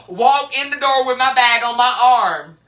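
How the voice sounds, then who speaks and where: A man's voice: very high voice, bright, forceful tone. A man with a Southern US accent, hosting a live cooking stream, telling a story in a sassy, dramatic way and laughing often. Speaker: host. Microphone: phone or camera mic while cooking.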